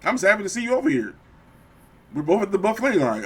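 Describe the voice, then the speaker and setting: A man's voice: sits high, sing-song, fast talker, breathy edge. A middle-aged man co-hosting a podcast, talking casually and profanely, often acting out quoted voices. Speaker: podcast co-host. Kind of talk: casual chat.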